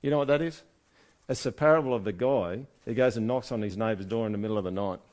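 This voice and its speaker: A man preaching a conversational sermon with lively asides. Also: fairly low pitch, quick pace. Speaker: pastor.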